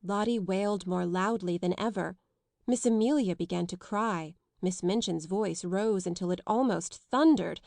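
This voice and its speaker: A woman's voice: medium pitch, vocal fry, darkish tone, no echo, clean studio sound. Woman narrating a classic storybook. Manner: measured storytelling. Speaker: audiobook narrator. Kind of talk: scripted narration.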